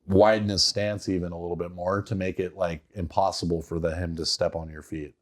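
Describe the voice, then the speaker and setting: Casting note: young male podcast co-host, slightly low voice, animated sports talk. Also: brisk. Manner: animated, mimics players with loud quoted outbursts. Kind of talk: casual sports chat.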